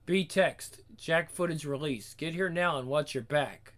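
A man reading a short message aloud in a flat, terse way. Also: fairly high pitch, measured pace.

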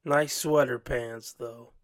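A man's voice: mid-range voice, fairly even intonation, takes it slowly, no echo. A man hosting a reaction commentary, talking in a blunt, crude and mocking way. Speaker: commentary host.

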